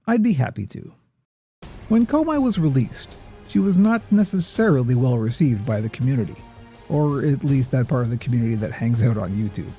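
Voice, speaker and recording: Mellow, lofty-sounding man narrating. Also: mid-range voice, animated, husky, soft background music. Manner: measured, lofty, a little pretentious. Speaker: gaming video host. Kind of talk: scripted philosophical narration.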